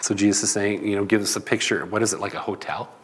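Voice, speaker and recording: A man's voice: fairly low pitch, fairly even intonation, fast talker, breathy edge, big-room sound. A man preaching a sermon in a loose, conversational teaching manner. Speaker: pastor.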